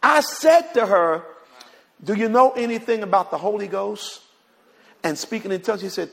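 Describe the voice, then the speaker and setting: A man's voice: high-pitched, normal speed, creaky, fairly bright tone, long reverb tail. A male pastor, preaching and retelling a conversation, repeating words as he addresses the congregation in a church. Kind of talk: sermon storytelling. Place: church sanctuary.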